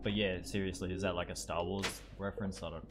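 A man's voice: deep voice, flat delivery, fast, noisy background. A young man streaming a game, casually joking and teasing his live chat, laughing often.

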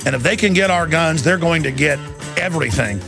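A man hosting a talk radio show, speaking in a rapid, emphatic monologue with frequent restarts. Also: fairly high pitch, lively intonation, gravelly, over music. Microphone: studio microphone.

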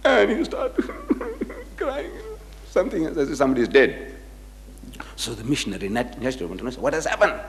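A man's voice: medium pitch, very animated, fairly quick, long pauses, big-room sound, slight background noise. An older man giving a religious lecture to an audience, telling anecdotes and acting out the voices of the people in them. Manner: storytelling, acting out quoted voices.

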